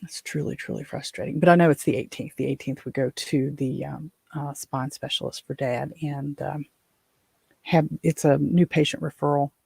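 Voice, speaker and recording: A woman's voice: sits low, steady tone, normal speed, vocal fry, a little mellow, breathy edge, no room sound. A middle-aged woman from West Virginia hosting her own show, rambling through exasperated stories with lots of fillers. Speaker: podcast host. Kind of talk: casual chat.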